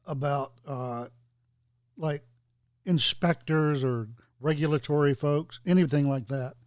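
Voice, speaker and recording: A man in a casual podcast chat works through his ideas aloud, calm and thoughtful. His voice is a bit higher than most men's, and it is recorded dry and close. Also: takes it slowly, no room sound.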